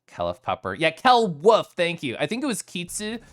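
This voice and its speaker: A man streaming live, chatting casually with his viewers and reading their messages in an animated, giggly way with playful swings in his voice. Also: high voice, moderate pace.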